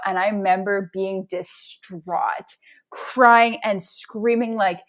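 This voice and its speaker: A woman's voice: mid-range voice, steady tone, takes it slowly. A woman in a casual spiritual chat, talking emphatically and building intensity as she tells her stories. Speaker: podcast guest.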